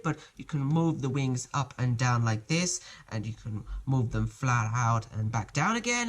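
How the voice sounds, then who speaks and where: A reviewer talks through a toy set from a small home studio, voice rising and falling in a lively, animated way. The delivery is chatty and hesitant, with phrases often broken off and started again. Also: mid-range voice. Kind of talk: casual show-and-tell review.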